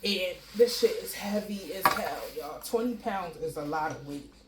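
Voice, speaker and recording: A woman's voice: lowish voice, animated, normal speed, very noisy. Blunt, profane woman telling a story. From New York City. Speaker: vlogger. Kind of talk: casual storytelling to camera.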